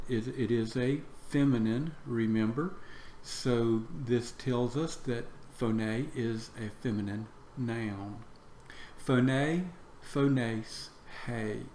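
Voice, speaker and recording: A man teaching Greek vocabulary in a slow lesson. He repeats each word for drill and fills pauses with "uh". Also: mid-range voice, steady tone, darkish tone. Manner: slow, repeats words for drill, many "uh" fillers. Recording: echoey room with faint background noise.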